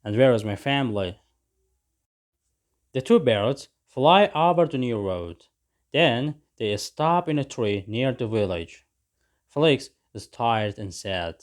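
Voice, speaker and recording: A man reading a simple story aloud for English learners, with clear, simple phrasing. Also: mid-range voice, sing-song, slow. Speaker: story narrator.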